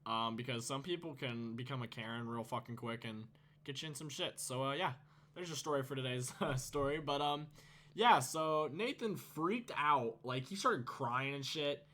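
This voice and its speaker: A man's voice: medium pitch, normal speed, bright, forceful tone. A teenage man telling a storytime vlog, casual and profane, rambling and laughing. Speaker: YouTuber.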